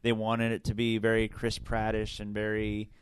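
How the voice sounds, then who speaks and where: A man hosting a casual film review podcast, animated, talking in quick restarts. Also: lowish voice, clean tone. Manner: animated, restarts and laughs often. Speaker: podcast host.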